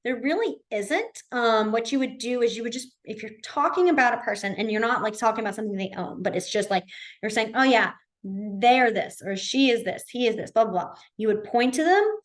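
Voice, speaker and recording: A woman's voice: on the high side, lively intonation, fairly quick. A woman teaching a beginner sign language class in a library, chatty and informal, with lots of fillers and self-corrections. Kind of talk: casual class instruction.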